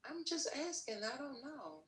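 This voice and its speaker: A woman's voice: high-pitched, sing-song, unhurried, far from the mic, crowd noise. A woman co-hosting a casual podcast chat, teasing the others and laughing often. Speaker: podcast co-host.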